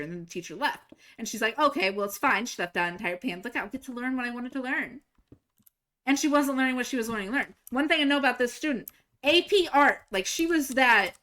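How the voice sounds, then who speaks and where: Animated young woman streamer telling stories. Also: a little high. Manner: animated, swearing, laughing, acting out quotes. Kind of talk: casual storytelling while gaming.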